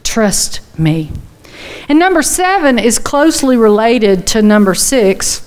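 A woman's voice: fairly high pitch, sing-song, moderate pace, darkish tone, clean tone. Folksy woman preaching a chatty sermon. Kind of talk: conversational sermon.

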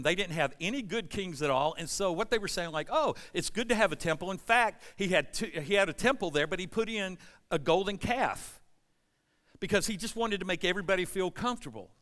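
A man preaches in a church. His voice sits a little high and sounds bright as he tells stories and asks the congregation questions. His voice rings with a long hall reverb. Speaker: pastor. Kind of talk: conversational sermon. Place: church sanctuary.

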